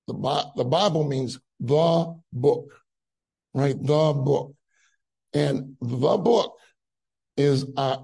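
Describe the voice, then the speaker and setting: A man's voice: on the high side, creaky, mellow, slightly rough, rough recording. A man preaching a conference sermon in a conversational way, with many fillers and rising emphasis on key phrases.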